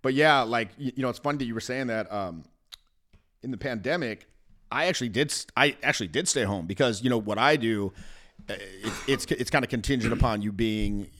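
Brief: middle-aged American guy, lively swearing storyteller, mid-pitched voice. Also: brisk. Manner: animated, swears freely, acts out voices while laughing. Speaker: guest, dating coach. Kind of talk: casual podcast storytelling.

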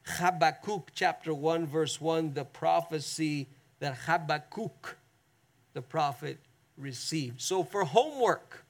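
A man's voice: fairly high pitch, slow pace. A man preaching a sermon as pastor, reading scripture dramatically and talking conversationally to his congregation. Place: church, streamed online.

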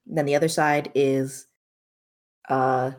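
A woman's voice: extremely low pitch, little pitch movement, slow pace, a little mellow. A woman narrating as game master of a tabletop game in a casual, loose way.

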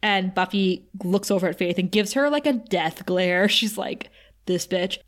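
Woman podcast cohost, chatty recap, laughs a lot, quick asides. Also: medium pitch. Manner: animated, giggly, quick asides. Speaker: podcast co-host. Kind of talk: casual recap chat.

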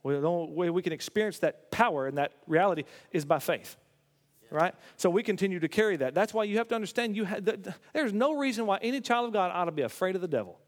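A man's voice: high-pitched, expressive, quick pace, in a large hall. A man preaching a sermon, telling stories with emphatic stammered restarts. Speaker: pastor.

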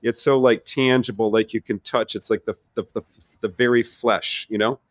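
A middle-aged man, a theology professor, telling his personal faith story in an earnest, animated way with many restarts. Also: mid-range voice, moderate pace, no echo. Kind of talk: conversational personal testimony.

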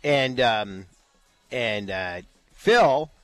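A man's voice: mid-range voice, lively intonation, very slow, a bit bright, no echo, soft background music. A man co-hosting a casual talk show, telling a story with frequent restarts and fillers. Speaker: co-host. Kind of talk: casual golf chat.

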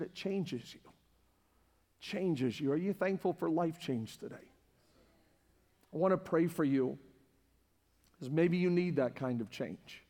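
A man preaching a sermon as pastor to a congregation in a church, passionate and repetitive, building to near-shouting. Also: a little high. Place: church sanctuary with live congregation. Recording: long hall reverb with faint music.

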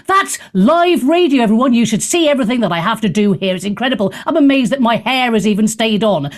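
A woman hosting a radio talk show, blunt and straight-talking, speaking in an opinionated, animated way from a studio. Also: a little high, brisk, few pauses.

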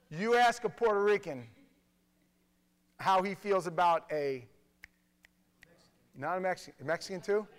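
New guy ranting casually to camera, kinda high voice, stumbles over his words a lot. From New York. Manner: animated storytelling with stammered restarts.

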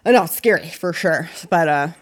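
A woman hosting a true-crime podcast in a relaxed, chatty way. Her voice sits a little low, and she is blunt and swears freely, laughing as she runs through the facts. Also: fairly quick. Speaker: podcast host.

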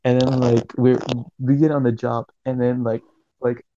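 A man's voice: mid-range voice, flat delivery, normal speed, dark tone, muffled recording, slight background noise. A young man co-hosting a podcast, recalling a trip in casual, laid-back chat full of "bro" and "like". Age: young adult. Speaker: podcast co-host.

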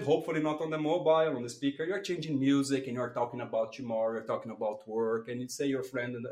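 Guy coaching on public speaking, lively, plays with his voice, middle pitch, echoey room. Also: quick pace, few pauses. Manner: lively, demonstrates voice changes, non-native phrasing. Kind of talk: animated interview talk. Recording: roomy echo.

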